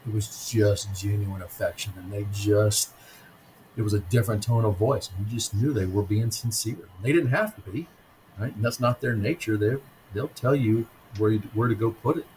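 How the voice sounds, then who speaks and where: A man in his fifties, a guest author telling stories in a conversational interview, speaking haltingly with frequent ums and restarts. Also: fairly low pitch, a little mellow, slight background noise, poor audio. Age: 50s.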